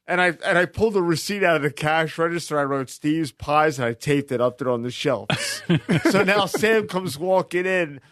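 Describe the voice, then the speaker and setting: A man's voice: a little high, normal speed, hardly any pauses, no echo, clean studio sound. A man co-hosting a podcast, telling a long story to friends, laughing and acting out the voices of the people in it. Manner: animated storyteller, acts out voices, laughs a lot. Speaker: podcast co-host. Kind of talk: casual storytelling among friends.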